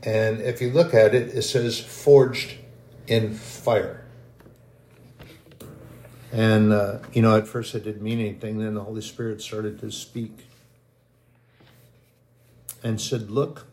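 A man giving an emotional, halting sermon testimony as a lay preacher. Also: on the low side, little pitch movement, a little mellow, roomy sound. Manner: slow, halting, grows emotional and choked.

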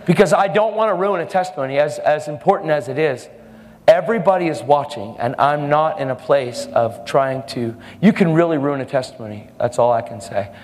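A man's voice: a little high, brisk, darkish tone. A man preaching a sermon, telling a testimony story in a fervent, emphatic way. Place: church service hall. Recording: reverberant hall.

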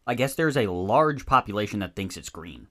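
A young man co-hosting a podcast in casual chat, laid-back and quick to laugh, bringing up topics from his notes. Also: lowish voice, expressive, a bit bright. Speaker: podcast co-host.

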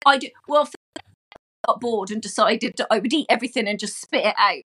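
A woman's voice: on the high side, brisk, bright, forceful tone, a little hiss or hum. A woman guesting on a podcast, telling stories in a chatty way and laughing as she talks. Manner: chatty storyteller, laughs while talking. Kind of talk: casual chat.

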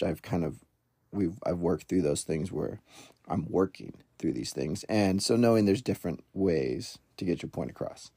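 Man in his thirties, parenting coach podcaster; deep, husky, self-deprecating storytelling. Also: mellow, dry recording, studio quality. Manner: rambling, self-deprecating, many fillers and restarts. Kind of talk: casual solo podcast storytelling.

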